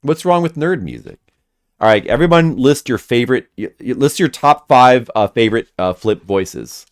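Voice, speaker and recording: A man's voice: medium pitch, lively intonation, moderate pace. A man streaming a video game, chatting casually and making goofy jokes to his viewers. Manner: goofy, jokey, laughs often. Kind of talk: casual joking commentary over gameplay.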